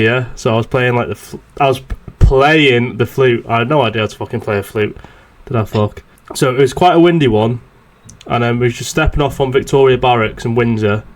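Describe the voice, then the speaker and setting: A young man on a podcast, telling a rambling, swear-filled story in casual chat. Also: medium pitch. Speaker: podcast host.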